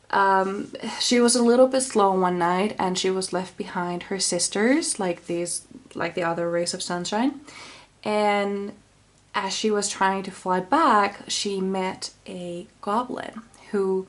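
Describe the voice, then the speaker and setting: A woman giving a casual tarot reading, dreamy and rambling with sighs. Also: mid-range voice. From Finland. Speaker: tarot reader.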